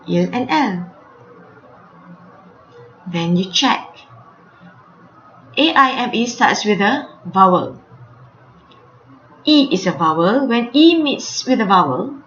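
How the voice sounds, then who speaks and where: Slow woman teaching French. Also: mid-range voice, a little hiss or hum. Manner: spells words letter by letter, repeats each example. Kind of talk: slow spelled-out language lesson. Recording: lo-fi, echoey room.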